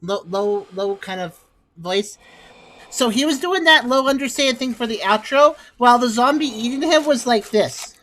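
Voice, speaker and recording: A woman's voice: a little high, animated, moderate pace, a bit bright, a little hiss or hum, rough recording. A woman hosting a gaming video, giving casual, joking commentary while she plays. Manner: chatty, joking, wry. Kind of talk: casual let's-play commentary.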